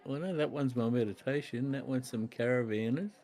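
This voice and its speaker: A man's voice: mid-range voice, brisk, dark tone, a faint crowd. A man co-hosting a casual home-brewing pub chat over a video call, easygoing and laughing often. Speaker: podcast co-host.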